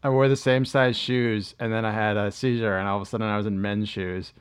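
A man's voice: lowish voice, steady tone, fairly quick, smooth. Rambling, profane man. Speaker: podcast co-host. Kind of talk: casual chat.

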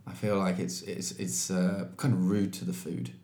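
A man co-hosting a podcast in casual chat, animated, playful and quick to laugh. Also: deep voice, vocal fry. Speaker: podcast co-host. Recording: roomy echoey room.

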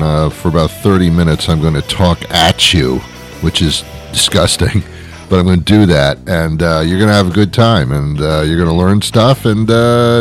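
A man hosting his own comedy show with a rambling, sarcastic, self-mocking monologue. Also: sits low. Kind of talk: comic monologue.

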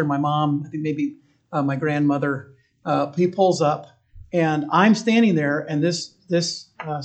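A man's voice: fairly high pitch, darkish tone. A man telling a personal story from boot camp in a conversational way, with restarts and quoted voices. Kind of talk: storytelling talk.

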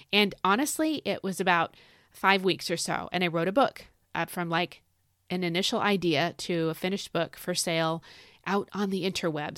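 A woman's voice: fairly low pitch, fairly bright tone, dry recording, clean studio sound. A middle-aged woman hosting a faith podcast, chatting casually and rambling with frequent restarts. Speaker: podcast host. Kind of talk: casual devotional podcast talk. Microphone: podcast microphone.

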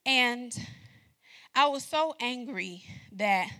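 A woman's voice: on the high side, expressive, very slow, pushed and bright. A woman preaching a sermon, talking straight to the congregation and laughing often as she tells a personal story.

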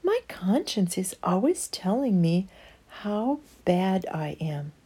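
A woman voicing an eager, honest little girl in a storybook reading, with a high pleading childish voice. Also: very animated, slow, mellow, breathy edge, exaggerated voice.

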